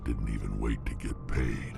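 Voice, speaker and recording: A man's voice: level tone, normal speed, music in the background, full character voice. An actor voicing a huge, battle-hardened male alien mercenary in game dialogue, blunt and clipped. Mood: gruff. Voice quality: deep gravelly growl. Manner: blunt, clipped, terse sentences.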